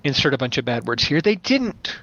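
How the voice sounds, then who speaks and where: A man who runs tabletop games, chatting on a podcast as an animated storyteller. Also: medium pitch, a little fast. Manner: animated storyteller, playful voice imitations. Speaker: podcast guest, game master. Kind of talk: casual podcast chat. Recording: dull lo-fi audio.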